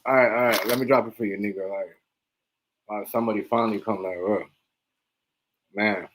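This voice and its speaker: A man's voice: lowish voice, fairly even intonation, a little fast, low-quality recording. A man hosting a reaction livestream, ranting in a heated, mocking way and repeating himself. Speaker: livestream host.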